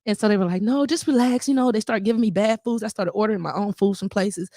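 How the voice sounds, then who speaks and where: A woman's voice: medium pitch, fast, dark tone, dry recording, clean studio sound. A woman guest in a casual interview, telling her story with animation and acting out what people said.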